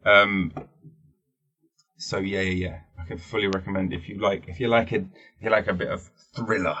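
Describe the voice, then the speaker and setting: Low, husky podcast host, rambling jokey monologue with plenty of swearing. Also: male voice, steady tone, normal speed, pushed and bright, highs cut off. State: wearing teeth-straightening trays. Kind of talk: casual solo podcast chat.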